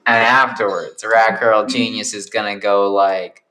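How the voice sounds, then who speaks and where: A young man narrates an improvised story slowly, wandering off into joking asides. His voice sits a little low and has a bright, forceful tone. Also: fairly even intonation, soft background music.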